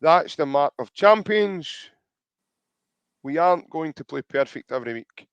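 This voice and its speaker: A man's voice: fairly high pitch, animated, unhurried, clean tone, no echo. A man with a Scottish accent hosting a podcast in casual chat, reading out viewer comments and calling his co-host mate. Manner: chatty, calls co-host mate.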